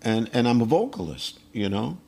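A man with a gravelly, slightly husky voice recounts old stories in an interview. His pitch swings up and down as he acts out each exchange between people, and he laughs through his sentences. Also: normal speed. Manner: animated anecdote-telling with quoted dialogue and chuckles. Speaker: guest musician, percussionist and vocalist. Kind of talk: storytelling in a casual interview.

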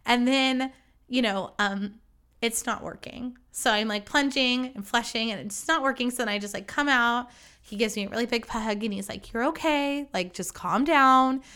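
A woman's voice: fairly high pitch, fairly even intonation, moderate pace, bright, forceful tone, smooth. A young woman hosting her own podcast, telling a story in a chatty, self-deprecating way and swearing freely. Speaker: podcast host. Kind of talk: casual storytelling monologue.

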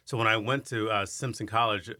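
A man in his fifties from Iowa, a singer telling stories about his career in an interview, animated and acting out the voices of others. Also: lowish voice, a little fast, dry recording, clean studio sound. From Iowa, USA. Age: 50s. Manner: animated storyteller who acts out quoted voices. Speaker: guest, singer and arts center director. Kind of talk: storytelling in an interview.

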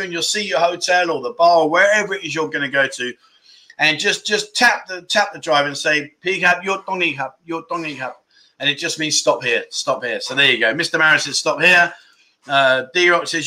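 A man's voice: a little high, sharp tone. A middle-aged man hosting a casual livestream, reading out viewer comments with jokes and frequent laughter. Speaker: livestream host.

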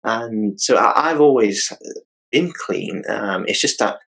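A man's voice: lowish voice, expressive, takes it slowly, gravelly, fairly bright tone, breathy edge, poor audio. A British man hosting a casual interview, rambling a little and often saying "you know.". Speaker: podcast host.

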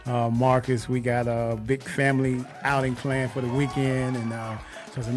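An energetic man hosts a call-in radio show, piling up repetitions as he hypes his guests. Faint music plays behind his voice. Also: mid-range voice, normal speed. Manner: excited, repetitive, laughing often. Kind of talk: casual radio chat.

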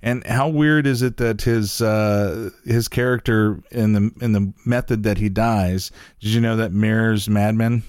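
Low-voiced man, hesitant and agreeable. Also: fairly even intonation, a little slow, few pauses, darkish tone, smooth, dry recording, clean studio sound. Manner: hesitant, many fillers and agreements. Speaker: podcast co-host. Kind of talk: casual review chat.

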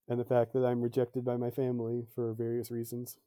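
Relaxed male guest, mellow even voice, dry close mic, thoughtful and hedging. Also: medium pitch, moderate pace, no room sound. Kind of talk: casual film discussion.

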